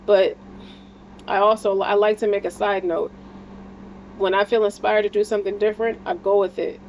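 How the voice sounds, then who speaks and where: A woman's voice: mid-range voice, flat delivery, normal speed, a little mellow, a little hiss or hum, rough recording. A woman giving a casual spiritual tarot reading, talking in a blunt, slangy and encouraging way and swearing freely. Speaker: tarot card reader.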